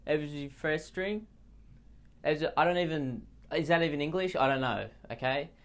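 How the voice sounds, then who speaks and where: A man's voice: fairly high pitch, moderate pace, pitched above the performer's own voice, lightly acted. A man doing a pompous, insulting politician. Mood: dismissive. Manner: boastful, rambling, trades in childish insults. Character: pompous insulting male politician at a press conference.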